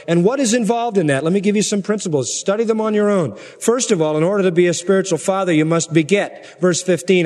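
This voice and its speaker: A man preaching a sermon as pastor, emphatic, with forceful rhetorical peaks. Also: high-pitched. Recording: long hall reverb.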